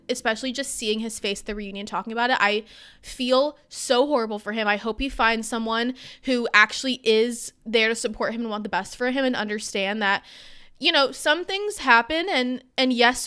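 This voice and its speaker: A woman's voice: on the high side, fairly bright tone, smooth. A young woman in her twenties co-hosting a podcast, ranting heatedly in casual chat with lots of fillers. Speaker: podcast co-host.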